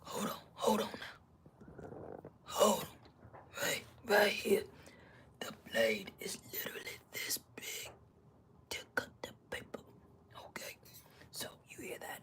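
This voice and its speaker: A playful craft demonstrator in whispered role-play, talking slowly and half under her breath, her pitch swinging high and low, as a woman puts on an accent. She walks through each step of using a tool. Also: very animated, fairly bright tone. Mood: playful demo. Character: woman putting on an accented craft-demo host persona.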